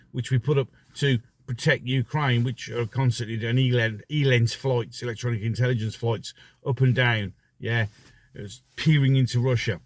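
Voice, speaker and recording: A middle-aged man giving a sarcastic ranting commentary full of rhetorical questions. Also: medium pitch. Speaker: vlogger.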